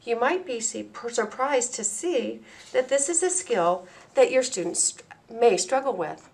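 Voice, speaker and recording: A woman presenting a training lesson for teachers, speaking clearly and deliberately and slowing down to model words and sounds. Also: fairly high pitch, expressive, darkish tone. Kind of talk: instructional presentation.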